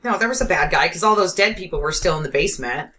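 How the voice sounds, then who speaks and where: A woman co-hosting a casual movie podcast, explaining plots calmly and matter-of-factly. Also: fairly low pitch, fast talker. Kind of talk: casual movie review chat.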